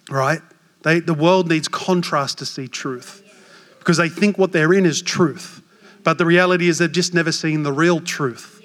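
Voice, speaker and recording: An Australian man in his forties, a pastor preaching a sermon with animated, self-mocking stories. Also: on the high side. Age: 40s. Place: church hall. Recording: long hall reverb.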